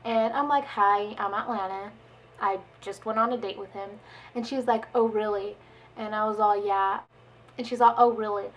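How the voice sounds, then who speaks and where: A young woman vlogger telling a story in casual chat, chatty and animated, with many "like"s and quoted dialogue. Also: mid-range voice, moderate pace, slight background noise, rough recording.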